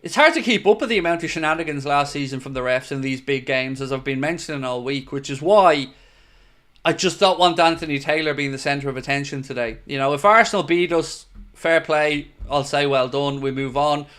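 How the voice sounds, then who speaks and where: A man's voice: a little high, a little fast, fairly bright tone. A young Irish man hosting a football watchalong stream, chatting casually and reading out viewer comments. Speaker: watchalong host.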